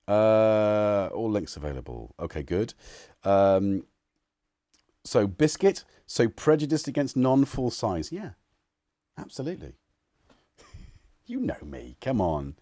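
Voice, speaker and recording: A man's voice: deep voice, mellow, no echo. A man hosting a casual home livestream, rambling and chuckling as he chats to viewers and his cats. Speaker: livestream host. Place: living room at home.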